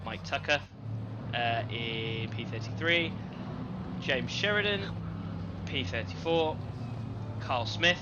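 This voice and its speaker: Man, live esports race commentary, chatty asides, loud car engine noise behind. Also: medium pitch, lo-fi sound. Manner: chatty, running through names quickly with asides. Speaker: sim racing commentator.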